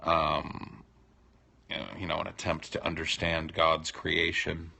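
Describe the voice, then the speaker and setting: Male stream host, deep and gravelly; loose, teasing, profane chatter. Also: completely flat delivery, measured pace, sharp tone. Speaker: livestream host answering chat. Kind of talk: casual unscripted chat.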